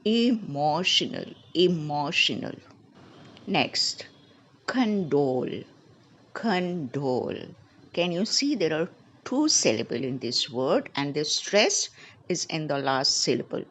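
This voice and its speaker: A woman teaching a lesson, drilling pronunciation by repeating each word slowly. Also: low voice, sing-song, fairly bright tone, a little hiss or hum. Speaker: English teacher. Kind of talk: spoken English lesson.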